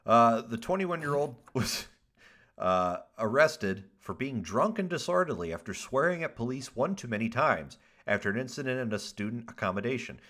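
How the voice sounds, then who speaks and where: A man hosts a casual podcast, reading odd news stories aloud and riffing on them animatedly with ad-libbed jokes, swearing and frequent laughter. His voice is medium-pitched at a moderate pace.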